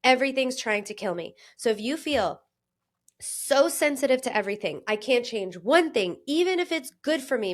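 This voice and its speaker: A woman in her thirties, a health coach, talking alone in an earnest, chatty way, laughing often and acting out inner voices. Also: mid-range voice. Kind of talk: solo podcast monologue.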